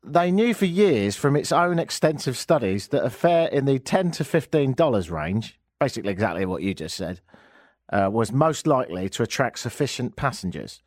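A man's voice: mid-range voice, sing-song, normal speed, a little mellow, no echo, clean studio sound. A man with an English accent hosting a radio talk show, ranting with sarcastic, joking asides.

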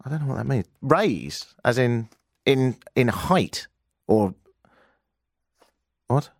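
British radio host telling a wry story. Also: male voice, expressive, slow pace, no room sound, clean studio sound. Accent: British English. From Britain. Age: 40s. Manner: wry, self-mocking, swings high for emphasis. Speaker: radio talk show host. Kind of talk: animated storytelling monologue. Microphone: studio microphone.

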